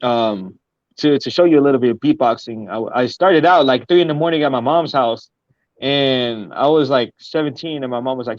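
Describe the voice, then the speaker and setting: A young man from Houston, a guest rapper chatting casually, halting and full of fillers. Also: medium pitch, darkish tone, no room sound. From Houston, Texas. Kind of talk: casual interview chat. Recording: dry, slightly muffled audio.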